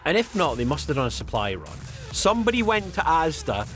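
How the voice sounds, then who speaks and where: A man's voice: fairly high pitch, sing-song, fairly quick, hardly any pauses, a bit bright. A Scottish man co-hosting a podcast, ranting sarcastically with plenty of swearing in casual comedic chat. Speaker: podcast co-host.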